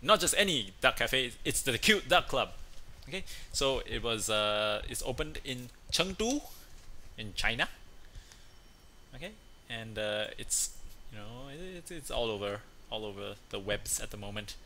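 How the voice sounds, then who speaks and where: A man's voice: mid-range voice, expressive, unhurried, sharp tone, a little hiss or hum. A man hosting a casual chat show, talking in a playful, chatty way and acting out voices as he tells jokes. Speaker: host. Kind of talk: casual chat, telling a joke.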